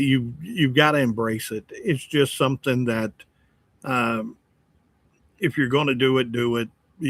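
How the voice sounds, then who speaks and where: A man's voice: mid-range voice, a bit bright, dry recording. Joking man in his sixties, dry sound. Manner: joking, chatty and self-mocking. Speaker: livestream host and radio host. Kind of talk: casual livestream chat reading comments.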